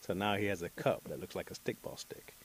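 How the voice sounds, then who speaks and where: A man telling a folktale aloud as a storyteller, animated and voicing each character. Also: deep voice, a little fast, very noisy.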